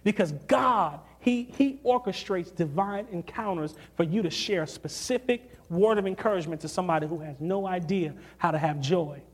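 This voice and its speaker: A man preaching to young people, telling a story and acting out the voices of those involved, swinging from loud bursts to hushed asides. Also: high-pitched, normal speed, few pauses, husky. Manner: animated, acts out quotes, swings from loud to hushed. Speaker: youth preacher. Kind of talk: storytelling sermon.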